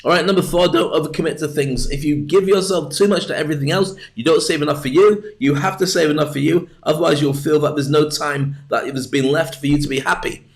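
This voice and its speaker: A motivational speaker talks straight to his online audience in a chatty, joking way. His voice sits a little high for a man, and he slips in self-mocking asides as he goes through his tips. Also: fast talker, hardly any pauses. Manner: chatty, jokey, self-deprecating, with lively asides. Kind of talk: livestreamed solo talk.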